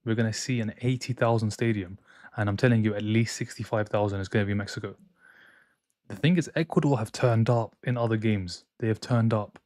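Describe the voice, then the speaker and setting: A man's voice: fairly low pitch, a little mellow, no room sound. Man chatting on a live stream, dry sound. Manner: reads out and answers viewer chat, opinionated banter. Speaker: football watchalong streamer. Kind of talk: casual live-stream chat. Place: home streaming room in France.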